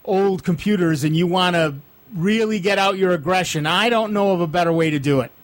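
A male radio host with a slightly high voice chats through tech advice on a call-in show. He explains things at length and fills pauses with plenty of ums. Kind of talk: casual radio call-in chat.

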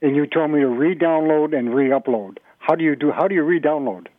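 A man calling into a radio show with a computer question, speaking hesitantly with many pauses and fillers. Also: on the high side, dry recording. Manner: hesitant, lots of uhs. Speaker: caller. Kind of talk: call-in question. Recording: tinny dry phone line.

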